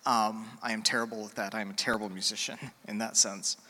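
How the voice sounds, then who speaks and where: A middle-aged man preaching a sermon as a pastor, earnest and heartfelt, with pauses and fillers. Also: lowish voice, level tone, pushed and bright. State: emotional, near tears. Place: church sanctuary. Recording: church hall with long reverb.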